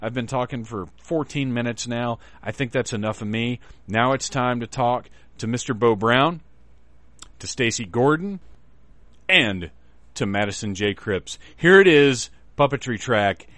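A man hosting a podcast, talking in an excited, profane and rambling way, often restarting his sentences. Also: medium pitch, measured pace, dry recording. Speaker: podcast host. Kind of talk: casual podcast announcements.

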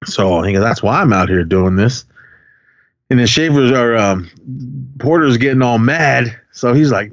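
A man co-hosting a podcast speaks in a mid-range voice at normal speed, with no room sound. His film recap is casual and rambling, packed with fillers and quoted lines, captured in dull, dry lo-fi audio.

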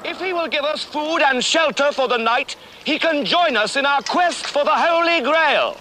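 A man's voice: extremely high pitch, lively intonation, normal speed, sharp tone, a little hiss or hum, exaggerated voice. An actor playing a stately, commanding king in a comedy film. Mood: formal. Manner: formal, commanding. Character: stately English king leading knights, adult man.

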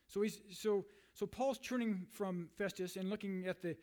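A male pastor giving a conversational sermon, with frequent "you know"s and restarts, reading scripture aloud and then paraphrasing it in lively everyday words. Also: high-pitched, normal speed.

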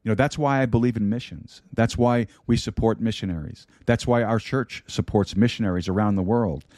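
A man's voice: on the low side, fairly quick, a little mellow, no echo. A man preaching a sermon into a studio microphone, repeating key lines and dropping in light humor. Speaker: pastor. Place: broadcast studio.

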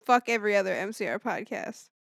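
A woman's voice: medium pitch, expressive, fast, vocal fry, no echo, clean studio sound. A woman co-hosting a podcast, tired late at night, blunt and self-deprecating, swearing freely in casual chat into a microphone at a home setup. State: tired, yawning. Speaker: podcast co-host.

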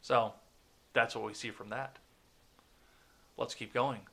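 Podcast guy, reads the news then rants about it, swears a lot, bright sharp voice. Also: medium pitch, fairly even intonation, takes it slowly, vocal fry, husky. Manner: profane, blunt, reads news articles aloud then rants. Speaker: podcast host. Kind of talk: casual political commentary.

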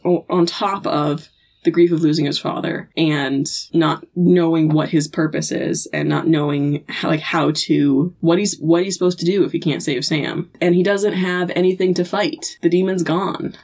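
Woman, very low voice, casual episode recap, earnest, restarts sentences. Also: fairly even intonation, normal speed, a little mellow. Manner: earnest storytelling with frequent restarts.

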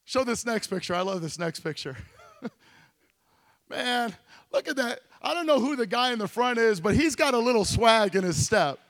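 A man, a pastor, preaching a fervent storytelling sermon in a church, often shouting to the congregation. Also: extremely high pitch, expressive, normal speed. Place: church sanctuary. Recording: long church reverb.

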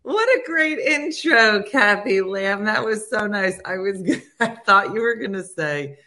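A woman's voice: mid-range voice, lively intonation, measured pace, pushed and bright. A woman hosting an online morning show, chatting casually and poking fun at herself. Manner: chatty, self-mocking, laughs at herself. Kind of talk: casual chat.

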